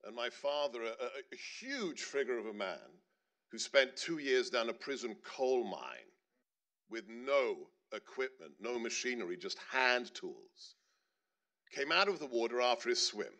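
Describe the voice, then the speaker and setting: A man's voice: medium pitch, animated, a little slow, pushed and bright. A middle-aged man telling a personal story on stage at a panel, earnest and building to emphatic points. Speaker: panelist speaker.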